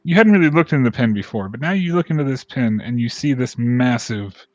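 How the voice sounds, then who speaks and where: A man's voice: medium pitch, animated, brisk, dry recording, muffled recording. Rambling man narrating as game master. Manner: rambling, hesitant, with many fillers.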